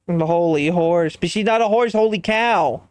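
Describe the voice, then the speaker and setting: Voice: medium pitch, normal speed, darkish tone, dry recording. A livestreamer chatting casually while designing a character, thinking aloud and answering chat in a musing way.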